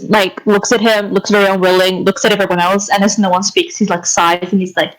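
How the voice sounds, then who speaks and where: A woman's voice: mid-range voice, flat delivery, brisk, few pauses, poor audio. A woman playing a tabletop game, describing her character's actions in an amused way. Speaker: player.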